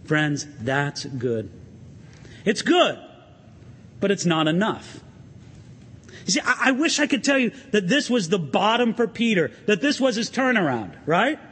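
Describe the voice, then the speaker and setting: A pastor preaching an animated sermon in a church, asking the congregation questions and swinging his emphasis up and down. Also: sits high, moderate pace, slightly rough, long reverb tail.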